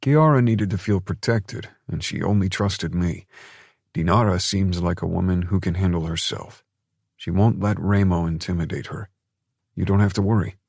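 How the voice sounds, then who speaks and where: A man voicing a calm, analytical man in an audiobook, with a measured drawl. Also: low voice, creaky, dry recording, studio quality, pitched above the performer's own voice. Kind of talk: audiobook narration.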